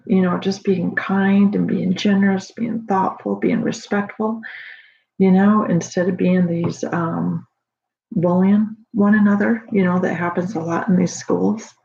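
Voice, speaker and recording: A mother in casual home video talk, rambling warmly with many fillers and restarts, proud of her daughter. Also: lowish voice, fairly even intonation, a little slow, gravelly. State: emotional, near tears at times. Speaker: proud mother sharing a story. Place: home at night. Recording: dull lo-fi home recording.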